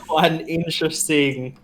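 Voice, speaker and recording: A man's voice: fairly high pitch, pushed and bright. A man in casual chat who asks playful questions and stammers as he repeats words.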